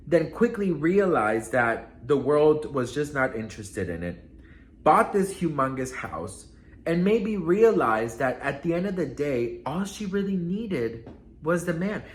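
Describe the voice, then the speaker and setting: A man's voice: medium pitch, roomy sound, poor audio. A man from Miami chatting casually about celebrity gossip in a sassy, campy way, full of asides.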